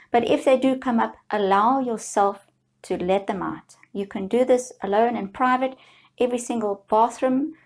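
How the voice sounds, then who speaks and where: A woman guiding viewers through a slow, soothing tapping session, leading them in repeated affirmations. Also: medium pitch, a little mellow. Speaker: EFT tapping guide.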